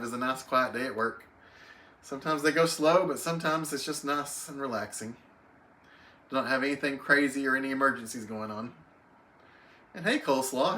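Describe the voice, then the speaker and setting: Reading names out of the chat, a friendly host alone at home on a livestream greets his viewers individually and chats with ease. He has a medium-pitched voice that comes across pushed and bright. A slight hiss or hum can be heard.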